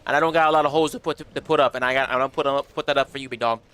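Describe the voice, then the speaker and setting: A man's voice: medium pitch, rapid-fire, clean tone. A young man hosting a casual livestream, chatting in slang, reading viewer messages aloud and answering them with big swings in energy. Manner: animated, slangy, reads chat aloud. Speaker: streamer.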